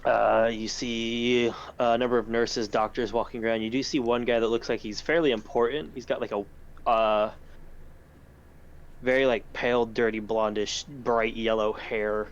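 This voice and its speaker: A man's voice: mid-range voice, little pitch movement, moderate pace. Rambling game-master man, muffled recording. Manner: loose, rambling description with many fillers. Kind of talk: narrating a tabletop game.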